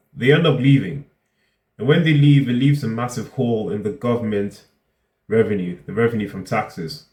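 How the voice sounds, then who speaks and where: A man hosting a reaction video, commenting with exasperated, incredulous outbursts that jump up in pitch. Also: a little mellow. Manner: exasperated, incredulous, jumps in pitch when outraged. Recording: roomy echo.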